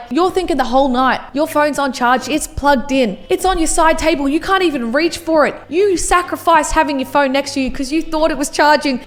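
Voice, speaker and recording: A young woman in her twenties vlogging about everyday annoyances, with mock-dramatic delivery and exaggerated groans. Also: sits high. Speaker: YouTuber. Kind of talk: comedic reaction vlog.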